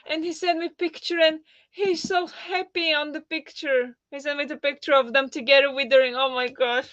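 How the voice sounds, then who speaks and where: A woman's voice: high voice, fairly even intonation, normal speed, a bit bright, dry recording. Chatty woman on a dull, dry mic. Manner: chatty, filler-heavy, reacting to viewer comments. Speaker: livestream host. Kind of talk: casual livestream chat.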